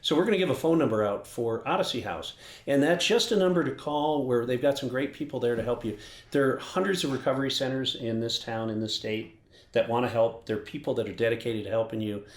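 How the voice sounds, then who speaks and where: Male co-host with a head cold, easygoing teasing banter, mid pitch, echoey room. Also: quick pace. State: has a cold. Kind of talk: casual chat.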